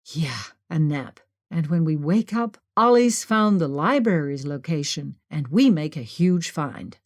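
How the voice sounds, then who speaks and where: A woman voicing a sensible young friend who speaks in a dry, unhurried way. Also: low voice, expressive, dry recording. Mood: dreamy.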